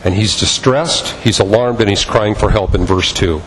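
A man's voice: lowish voice, moderate pace, big-room sound, slight background noise, poor audio. A man preaching a sermon as pastor, impassioned and repetitive in his cadence.

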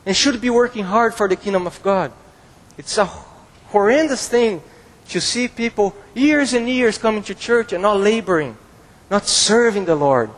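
Male pastor, high and husky, emphatic preaching with repeated phrases, long church reverb. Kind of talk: expository sermon.

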